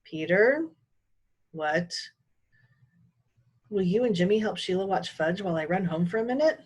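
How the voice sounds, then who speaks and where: A woman's voice: on the low side, animated, moderate pace, slightly rough. A woman voicing a harried young mother, anxious and coaxing.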